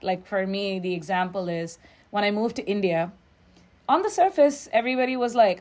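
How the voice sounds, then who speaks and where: Nigeria-raised woman musician, guest on an interview, mid pitch, thoughtful, storytelling. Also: expressive, a little mellow. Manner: reflective, storytelling, quoting others in quick asides. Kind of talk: interview conversation.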